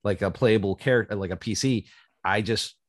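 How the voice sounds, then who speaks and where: Male podcast host, low-pitched, rambling and eager, dry close recording. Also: fairly quick, no room sound. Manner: rambling and enthusiastic, wanders off on tangents. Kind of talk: casual chat.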